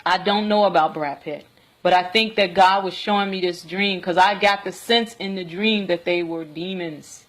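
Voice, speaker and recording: A woman telling a personal story in a vlog, earnest and rambling, often pausing to check in with "okay?". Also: on the low side, steady tone. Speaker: vlogger.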